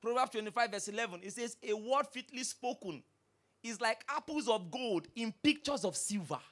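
A pastor preaching a sermon, firing rhetorical questions and swinging from hushed asides to loud bursts. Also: mid-range voice, expressive, moderate pace.

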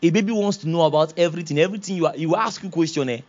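A man's voice: on the high side, racing, hardly any pauses, a little mellow, dull audio. A man preaching a sermon, acting out quoted voices and laughing often. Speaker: pastor.

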